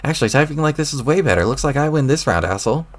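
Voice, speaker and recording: A man's voice: a little high, lively intonation, rapid-fire, voice pushed up, close to an everyday voice. A man voicing a petulant, arrogant young male alien who barks demands and sulks, reading a webcomic aloud. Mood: sulky. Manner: shouty, indignant, demanding.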